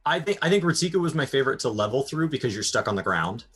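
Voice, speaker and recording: A man's voice: medium pitch, sing-song, quick pace, husky. A man from North America co-hosting a gaming podcast, chatting thoughtfully with hesitant repeats. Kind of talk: casual gaming podcast chat.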